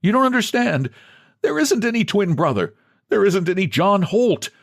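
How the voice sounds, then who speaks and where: A man's voice: big pitch swings, normal speed, gravelly, full character voice. A man voicing a broken middle-aged clerk who pleads pitifully to be believed. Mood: pleading. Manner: pitiful, high and begging.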